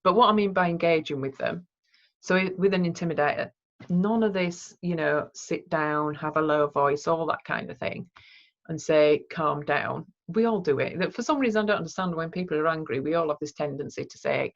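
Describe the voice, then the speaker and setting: A woman with a low, deep-set voice, leading a training session. She talks in a conversational way and acts out the phrases she would use with people. The recording sounds dull and lo-fi. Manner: conversational, demonstrates example phrases. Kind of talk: training talk.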